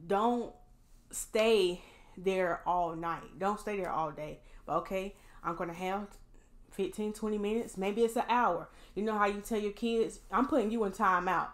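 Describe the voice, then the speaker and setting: A woman's voice: mid-range voice, measured pace. A woman vlogging candidly and encouragingly, speaking straight to her viewers while emotionally drained after a hard day. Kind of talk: casual heartfelt vlog talk.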